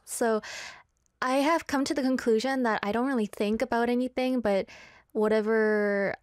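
A woman's voice: a little high, fairly even intonation, normal speed, dry recording, studio quality. A young woman casually chatting on a live stream, reading viewer comments aloud and shifting her voice playfully as she talks. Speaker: livestream host.

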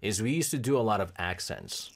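A man hosting a casual radio chat segment in a studio, playful and quick to laugh. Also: animated. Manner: playful, laughing, trails off into low mumbles. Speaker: radio host.

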